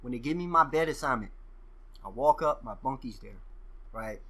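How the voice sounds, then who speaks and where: A man guest telling casual stories, profane and animated, acting out what people said. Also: medium pitch, normal speed. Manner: profane, animated storyteller who acts out quoted exchanges. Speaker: podcast guest. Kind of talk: casual storytelling.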